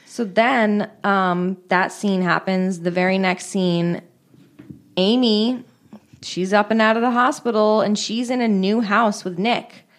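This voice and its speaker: A woman's voice: medium pitch, steady tone, slow pace. A woman co-hosting a casual chat, retelling film scenes with many fillers. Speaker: podcast co-host.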